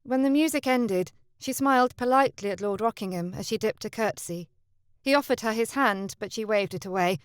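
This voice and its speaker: A woman's voice: fairly high pitch, a little fast, smooth, no room sound, clean studio sound. Woman reading a romance audiobook. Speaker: audiobook narrator. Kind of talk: scripted romance audiobook narration.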